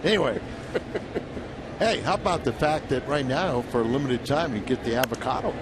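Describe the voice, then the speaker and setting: A man's voice: medium pitch, fast, background noise. A man doing baseball color commentary from the booth, folksy and joking, with offhand asides. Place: broadcast booth. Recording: broadcast audio with loud crowd and ambience behind.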